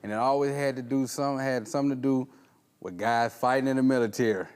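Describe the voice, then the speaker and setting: A man's voice: medium pitch, fast, darkish tone. A man with a mid-range voice recalls his playing days at a reunion. His telling is loose and rambling, with amusement breaking through. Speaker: former player. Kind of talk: casual reunion storytelling.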